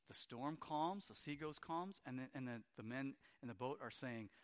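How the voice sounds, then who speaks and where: A man's voice: mid-range voice, moderate pace. A man preaching a sermon, retelling scripture scenes in a storytelling way and briefly acting out the quoted lines. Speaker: pastor.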